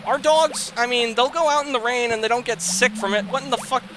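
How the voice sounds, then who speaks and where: A young let's play host speaks briskly in a very high voice, casually covering a farming game. He meanders and swears, bursting into exasperated shouting and laughter, with a faint hiss or hum on the track.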